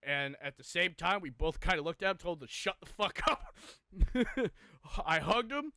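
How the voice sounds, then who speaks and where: A man's voice: sits high, big pitch swings, moderate pace, noisy background. A young man co-hosting a podcast, intensely retelling a personal story with heavy swearing. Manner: profane, intense, emotional retelling. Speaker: podcast co-host.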